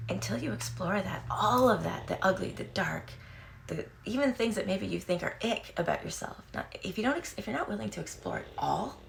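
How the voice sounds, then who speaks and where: A woman's voice: fairly low pitch, creaky, slight background noise. A woman in her thirties talking frankly and casually to camera, swearing freely, laughing often and acting out quoted voices. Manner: animated, acts out quoted voices. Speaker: vlogger.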